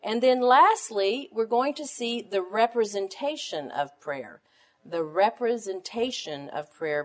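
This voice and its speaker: A woman teaching a Bible study to other women, reading scripture in a measured cadence and leaning on rhetorical questions. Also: fairly low pitch. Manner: emphatic, asks rhetorical questions.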